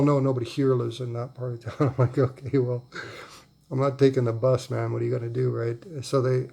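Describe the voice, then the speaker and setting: Man, forties, gravelly and mellow, rambling storyteller who chuckles through his anecdotes. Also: medium pitch. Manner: rambling, amused, laughs often. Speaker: vlogger. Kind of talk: casual storytelling.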